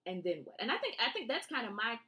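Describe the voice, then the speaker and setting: A woman's voice: fairly high pitch, fast talker. A woman, co-hosting a casual podcast chat and acting out quotes as she tells stories. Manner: animated storyteller, acts out quotes. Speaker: podcast co-host.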